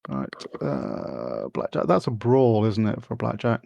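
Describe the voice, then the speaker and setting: A man's voice: on the low side, huge pitch swings, unhurried, vocal fry, mellow, dry recording. A man playing a tabletop game, hesitant and self-mocking about his rolls. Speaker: player. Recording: dull lo-fi microphone.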